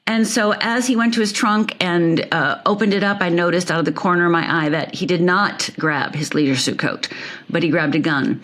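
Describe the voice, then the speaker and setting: Woman, lowish voice, emphatic storyteller, repeats phrases, interview guest. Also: normal speed, a bit bright. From Upper Michigan. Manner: vivid, emphatic storytelling with repetitions.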